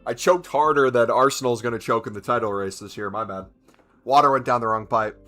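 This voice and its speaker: A man's voice: medium pitch, a little fast, a bit bright, faint music behind. A man streaming a video game, chatting casually and answering viewers' questions as he plays. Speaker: gaming streamer. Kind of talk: casual live-stream commentary.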